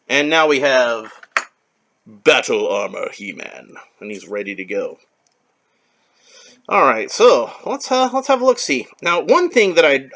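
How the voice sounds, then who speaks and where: A man's voice: mid-range voice, pushed and bright, a little hiss or hum. A man toy collector giving casual, rambling unboxing commentary with a wry touch and many fillers.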